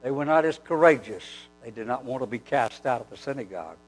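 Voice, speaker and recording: A man preaching a sermon, telling a Bible story with animated storytelling and acting out the dialogue. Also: mid-range voice, quick pace, low-quality recording.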